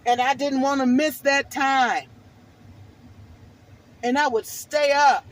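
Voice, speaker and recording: A woman's voice: high voice, steady tone, takes it slowly, rough recording. A middle-aged woman vlogger telling a personal testimony in a fervent, preachy, emphatic way.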